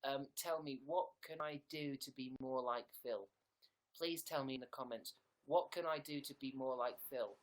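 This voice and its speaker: A young livestream host speaks in a mid-range voice at a moderate pace from a room at home. He keeps things loose, cracking jokes, rambling, reading viewers' comments, and now and then dropping to a whisper for an aside.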